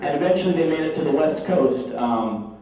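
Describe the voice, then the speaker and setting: A man's voice: on the high side, lively intonation, a little fast, warm tone. A man, a grandson, giving a humorous birthday speech full of playful family anecdotes. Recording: echoey hall from far off, crowd noise.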